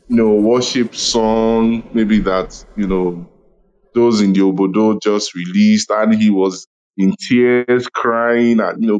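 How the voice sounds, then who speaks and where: A man from Nigeria talks in an online audio room, impassioned and a little apologetic. His pitch sits in the ordinary middle, and his speech tumbles over restarts and repeated words. He is on a phone mic in a casual group chat. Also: poor audio. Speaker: room speaker.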